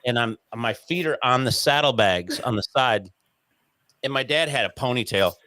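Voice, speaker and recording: A man's voice: medium pitch, lively intonation, normal speed, bright, forceful tone, slight background noise. A man telling a story as an interview guest, in casual talk that acts out the quoted voices and swears freely.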